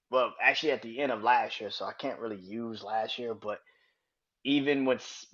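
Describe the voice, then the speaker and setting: Profane, rambling podcast host. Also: male voice, mid-range voice, highs cut off. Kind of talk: casual wrestling commentary.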